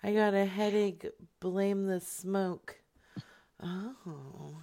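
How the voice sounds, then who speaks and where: A woman's voice: medium pitch, extremely slow, gravelly, mellow. A woman co-hosting, chatting in giggly, profane comedic banter. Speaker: podcast co-host.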